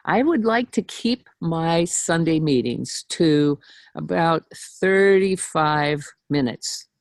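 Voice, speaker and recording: Woman meeting leader, unhurried relaxed delivery, gravelly edge, casual lecture with asides. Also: low-pitched, no room sound, poor audio. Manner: frequent throat clearing, chatty asides. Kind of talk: casual teaching talk.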